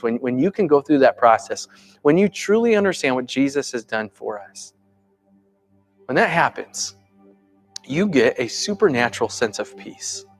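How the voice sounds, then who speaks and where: A male pastor with a fairly high voice preaches a sermon conversationally. He shifts between lively emphasis and soft, hushed asides.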